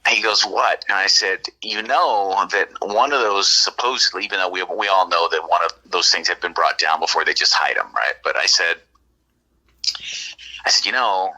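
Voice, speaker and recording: A man from California tells a story in a loose, rambling way, switching into the voices of the people he quotes. His voice sits a little low yet sounds strikingly bright and forceful. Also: normal speed, rough recording. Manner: rambling, animated, acts out quoted dialogue. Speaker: guest telling an encounter story. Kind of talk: casual storytelling on a podcast.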